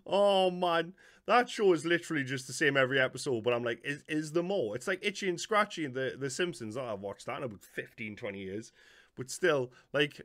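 A man's voice: mid-range voice, expressive, fairly quick, a bit bright. A man in his thirties with a Geordie accent, chatting casually as a reaction video host, laughing and swearing. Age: 30s.

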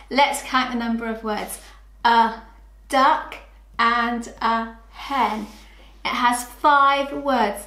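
Woman, phonics teacher, higher voice, very slow, echoey room. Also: bright, forceful tone. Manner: slow, sing-song, clearly sounds out letters. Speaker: early years phonics teacher. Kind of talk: children's phonics lesson.

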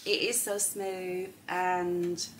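A woman's voice: on the low side, flat delivery, drawn-out words, very noisy. A middle-aged woman hosting a live craft show, chatting upbeat and pushing prices and deals as she demonstrates papers. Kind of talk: live product demonstration and sales chat.

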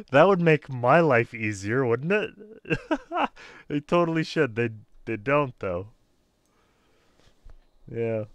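A man's voice: medium pitch, a bit bright, dry recording. A young Canadian man streaming a video game, joking around, laughing and swearing casually.

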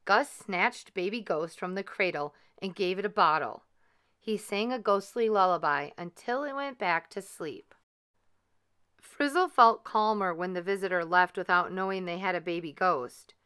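A woman gently and expressively reading a children's story aloud. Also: medium pitch, normal speed, clear, resonant tone.

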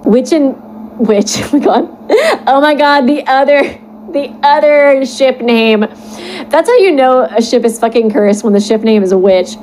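A young woman streamer with a fairly high voice who reads a cringeworthy fan fiction aloud. She stays animated, laughing often and breaking into mock-horrified outbursts. A faint hiss sits under her voice. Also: measured pace, poor audio. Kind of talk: reading a fan fiction aloud and playing a game with reactions.

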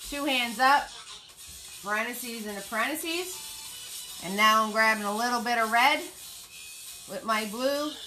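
A woman hosts a live painting class, unhurried and chatty, with a bright, forceful voice pitched a little high. She repeats her cue words in a playful, sing-song way as she guides each step. Soft music plays faintly behind her. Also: low-quality recording. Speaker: paint party instructor.

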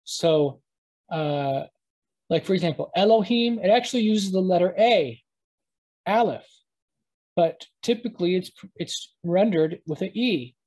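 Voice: mid-range voice, animated, a little mellow, low-quality recording. A teacher giving a live online lesson, talking at a computer mic while screen-sharing and often stopping to correct themselves. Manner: halting, self-correcting, thinks aloud.

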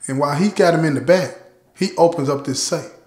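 A man's voice: on the high side, fairly quick, darkish tone. Man telling a story in an echoey room. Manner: conversational, addresses listeners directly. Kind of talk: casual true-crime storytelling. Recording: roomy echo.

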